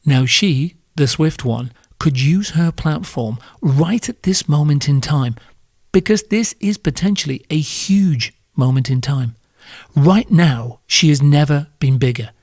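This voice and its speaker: A man's voice: on the high side, measured pace, darkish tone, dry recording, clean studio sound. A British man hosting a solo podcast, ranting in a sardonic, crude and profane way. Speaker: podcast host.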